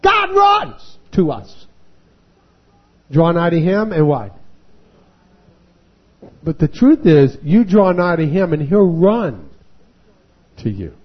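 A man preaching a revival sermon, acting out voices and rising to shouting. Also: fairly high pitch, big pitch swings, takes it slowly, pauses often, husky, dull audio. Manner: dramatic, acts out voices and rises to shouting.

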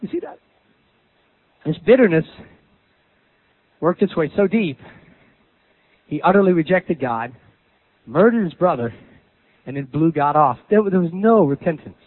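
A man preaching a sermon, dramatic, swinging from loud bursts to low asides. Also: lively intonation, unhurried, long pauses. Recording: tinny phone-like sound.

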